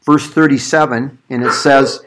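A man teaching a Bible passage in a conversational sermon, animated and given to acting out quotes. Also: mid-range voice, moderate pace. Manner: animated, acts out quoted voices, thinks aloud with restarts. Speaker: pastor teaching a Bible study.

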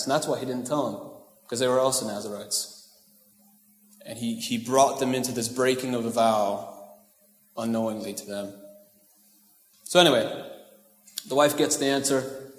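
A man's voice: mid-range voice, fairly even intonation, normal speed, long pauses. A male pastor giving a casual, joking sermon, often checking in with the congregation. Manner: casual, joking asides, asks the crowd "right?". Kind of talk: conversational sermon. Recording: echoey hall with long reverb.

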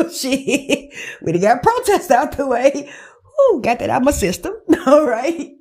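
A woman's voice: fairly high pitch, big pitch swings, normal speed, darkish tone, slightly rough. A woman podcast host, ranting in a heated, profane, emphatic way. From United States. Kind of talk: angry political rant.

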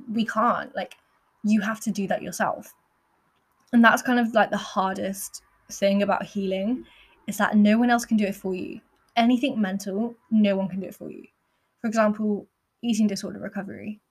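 A young woman hosts her podcast in a candid, earnest personal monologue, peppered with "like.". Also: medium pitch. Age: young adult. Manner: candid and earnest, with frequent fillers like "like". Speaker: podcast host.

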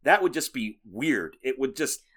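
A man's voice: mid-range voice, very animated, measured pace, fairly bright tone. A man co-hosting a casual movie podcast, chatting and recounting film trivia. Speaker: podcast co-host.

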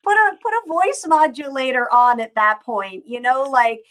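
Woman, co-host, casual chat, rambling, animated, fairly high voice. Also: moderate pace. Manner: rambling, animated, many fillers. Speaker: podcast co-host.

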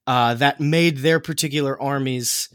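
A man's voice: medium pitch, fairly even intonation, measured pace, a bit bright, clean tone, no echo, studio quality. A man hosting a podcast, explaining history in casual chat, with many fillers and restarts.

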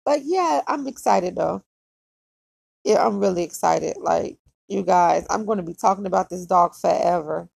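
A woman hosting a casual solo podcast, chatty and repetitive, with plenty of vocal fry. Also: on the low side, moderate pace, a little mellow, dry recording, clean studio sound. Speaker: podcast host.

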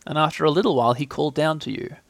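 A man reads a children's storybook aloud, gentle and unhurried, with a gravelly grain to his fairly high voice. The sound is close and dry, with no room around it. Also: no room sound. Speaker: reader. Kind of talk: storybook reading.

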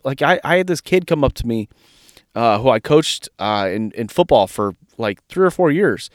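A man's voice: mid-range voice, animated, moderate pace, no room sound, clean studio sound. A man co-hosting a podcast in casual chat, talking emphatically and with plenty of profanity as he gets fired up. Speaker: podcast co-host.

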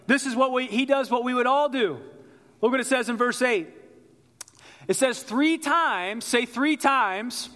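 A male pastor with a high-pitched voice delivers a sermon in a relaxed, storytelling manner. He speaks straight to the congregation and invites them to answer. His voice rings with the long reverb of a large church hall. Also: normal speed, long pauses. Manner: conversational storytelling, calls out to the congregation.

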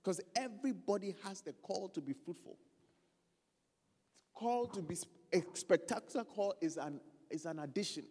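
A man preaching a lively sermon, loose and joking, often stopping to find his place in the text. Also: high-pitched, normal speed, slightly rough, long reverb tail. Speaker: pastor.

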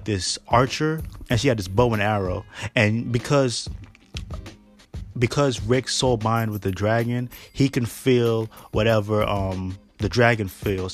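Low-voiced man in a slangy recap. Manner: slangy, laughing, rambling with fillers. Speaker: podcast host. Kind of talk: casual episode recap.

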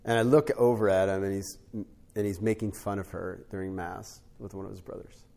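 A middle-aged man, a podcast guest, teaching on spiritual life through a family story, with an animated storytelling manner that often checks in with "right?". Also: deep voice, moderate pace, creaky. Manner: animated storyteller, rises to emphatic peaks, frequent "right?" tags.

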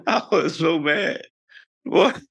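Speaking extremely slowly in a husky voice, this podcast co-host spins a casual, animated story, leaping into high-pitched voices whenever he quotes people.

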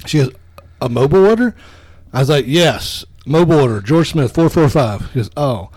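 A man co-hosting a podcast, telling a story in casual comedic chat, animated and swearing. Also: mid-range voice, brisk, slightly rough, dry recording. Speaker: podcast co-host.

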